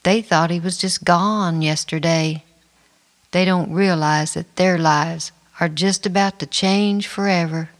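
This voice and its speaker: A middle-aged woman reads her memoir aloud in an unhurried, measured way. Her voice sits fairly low, and she lets each phrase settle before moving on, keeping a quiet, reflective tone. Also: fairly even intonation. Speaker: memoir narrator. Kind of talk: first-person memoir reading.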